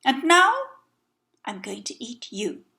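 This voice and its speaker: A woman's voice: on the high side, big pitch swings, takes it slowly, creaky, sharp tone, heavily acted. A woman doing a greedy boastful cat.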